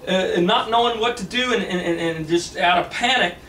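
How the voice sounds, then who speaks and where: A man's voice: high voice, brisk, fairly bright tone. A man telling a long story in a rambling way, with many repeats and restarts. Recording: echoey room, distant mic, faint hiss.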